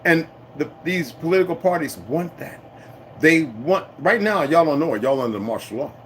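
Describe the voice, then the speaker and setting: A man's voice: on the high side, lively intonation, moderate pace, slight background noise, poor audio. A man hosting a livestream, ranting in a loose, rambling way to his viewers, swearing often and greeting commenters by name. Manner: profane, emphatic, loose and digressive. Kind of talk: rambling casual rant to live viewers.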